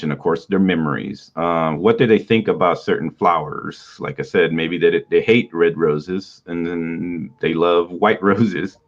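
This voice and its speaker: A man with a low, deep voice teaches in a loose, casual way, chuckling now and then. His nose is stuffy, and the recording sounds dull and lo-fi. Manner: relaxed, rambling, laughs often. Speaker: writing podcast host.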